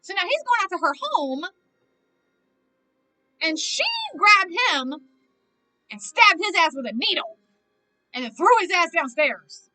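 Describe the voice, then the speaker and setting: High bright young woman chatting through a movie, bouncy and exclamatory, dry close sound. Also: big pitch swings, no echo, soft background music. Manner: chatty, exclamatory, quick to gasp and groan. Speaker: movie reaction streamer. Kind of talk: casual movie reaction commentary.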